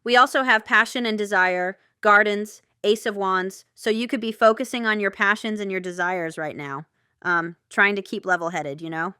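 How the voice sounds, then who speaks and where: Bright, chatty woman reading tarot. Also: mid-range voice, normal speed, clear, resonant tone, no room sound, studio quality. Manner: chatty, excitable, thinks aloud with many fillers. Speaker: tarot reader. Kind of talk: casual tarot reading monologue.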